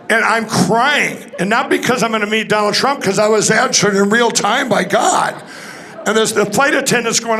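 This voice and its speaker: A man speaks from a conference stage, telling his personal testimony. His voice is gravelly and sits slightly high. He rambles excitedly and restarts his sentences often. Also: moderate pace.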